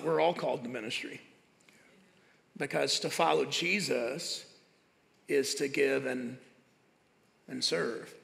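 A man's voice: fairly high pitch, gravelly, sharp tone. A pastor from the American South with a Southern accent, talking earnestly and directly to his congregation during a sermon interview on a church stage. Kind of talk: conversational sermon. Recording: church hall reverb.

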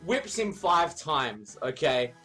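A man with a somewhat high voice spins a long, messy, swear-heavy story to his stream audience. He's chatty and loose and fills his talk with "like". Soft music sits low behind him. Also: big pitch swings, slow. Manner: rambling, profane, laughs at his own story. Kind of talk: casual storytelling on a live stream.

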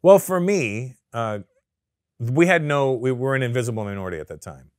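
A middle-aged man from Canada, speaking as a comedian guest in a relaxed studio interview. His voice sits in an ordinary middle pitch, and the sound is close and dry. He tells stories in an animated, profane way and keeps slipping into quoted voices. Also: normal speed, dry recording. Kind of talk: casual interview chat.

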